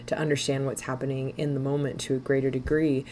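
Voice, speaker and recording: Animated, laughing woman coach. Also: extremely low pitch, a little hiss or hum. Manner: animated, laughs often, talks fast. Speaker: mindset coach, guest. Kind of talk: podcast interview.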